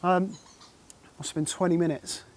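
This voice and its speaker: A man, telling an excitable and rambling fishing story in a casual interview, full of "like" and "mate". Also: high voice, normal speed. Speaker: carp angler recounting a catch.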